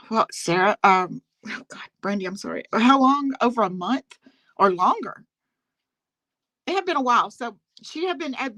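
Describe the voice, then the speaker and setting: A woman's voice: medium pitch, sharp tone, no echo, rough recording. A woman on a live talk panel, telling a story in a casual, indignant rant and laughing often as she talks to the host.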